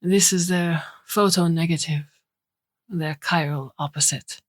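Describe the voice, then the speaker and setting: A smooth, philosophical older man with a faint Romanian accent, read by a woman. He speaks slowly and in measured phrases, with a low tone. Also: fairly even intonation. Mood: musing.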